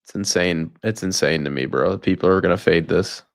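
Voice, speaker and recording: A man co-hosts a casual market livestream, speaking in a very low register. He talks emphatically and slangily, and his voice sounds dry and close with no room around it. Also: fairly quick, creaky, no room sound. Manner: emphatic, slangy, calls others bro. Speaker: crypto market show co-host.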